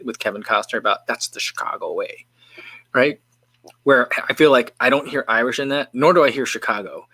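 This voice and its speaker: A man hosts a live stream in an easygoing, rambling way, often breaking off and restarting his thoughts as he reads viewer comments. His voice is bright and forceful. The sound is dry and close, with no room around it. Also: medium pitch, no room sound. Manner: musing and rambling, with frequent self-interrupting restarts. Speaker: livestream host. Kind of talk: casual chat, reading viewer comments.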